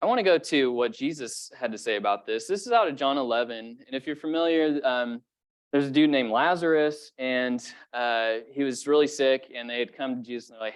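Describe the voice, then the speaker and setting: A man's voice: mid-range voice, normal speed, clean tone. Casual man preaching. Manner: casual conversational preaching with fillers; swells louder when stressing a point. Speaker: pastor. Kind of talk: sermon.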